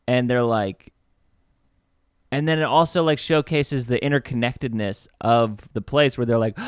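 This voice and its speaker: An excitable man chatting on a podcast about a film, jumping into little acted-out bits of the scenes. His voice is smooth and clean, recorded close and dry with no room sound. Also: a little slow, no echo. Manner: excitable, acts out scenes with swooping pitch, swears casually. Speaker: podcast co-host. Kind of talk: casual film review chat.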